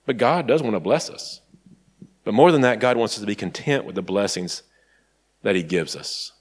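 A man from Tennessee preaching a conversational sermon and telling stories, sometimes dropping to soft asides. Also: fairly low pitch, normal speed, husky.

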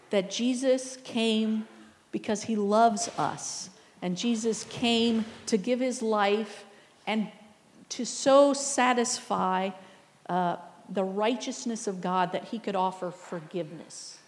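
A woman's voice: medium pitch, long reverb tail. A woman pastor preaching a sermon in a conversational, reflective way, often asking the listeners questions. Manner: reflective, with soft laughs.

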